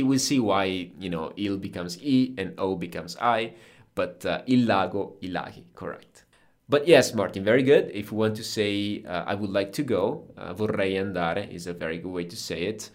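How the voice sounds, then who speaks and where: A man with a very deep voice and an Italian accent teaches his own language in a relaxed conversational lesson. He explains each point patiently and clearly, with a native speaker's ease. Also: normal speed.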